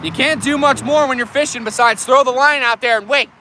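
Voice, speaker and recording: A man chatting to viewers in a casual outdoor fishing vlog, excitable and talkative, recorded on a camera mic by a canal. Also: extremely high pitch, brisk, background noise. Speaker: fishing vlogger.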